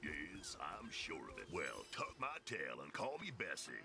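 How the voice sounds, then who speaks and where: An actor voicing a folksy old talking bull in a fantasy video game, drawling and rustic. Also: male voice, a bass voice, huge pitch swings, a little slow, gravelly, over music, heavily acted.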